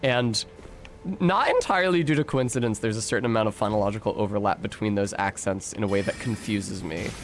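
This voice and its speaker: A man's voice: lowish voice, fairly quick, slight background noise. A young American man streaming a game, chatting casually and swearing often while he answers his chat and rambles between fights. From United States.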